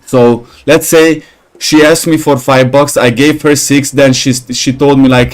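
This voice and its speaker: A man's voice: mid-range voice, a little slow. Rambling, profane gaming commentator man. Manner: rambling, profane, gets animated telling stories. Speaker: gaming channel host. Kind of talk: casual gameplay commentary.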